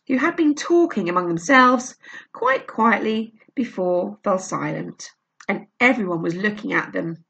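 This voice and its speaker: A woman reading a children's novel aloud, with a lively, expressive delivery. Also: medium pitch, gravelly. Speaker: storyteller.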